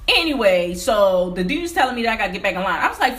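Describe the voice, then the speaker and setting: A woman's voice: mid-range voice, fast talker, few pauses. A young adult woman telling a story in a casual vlog at home, ranting emphatically with lots of swearing. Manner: animated, profane, emphatic ranting. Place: home game room.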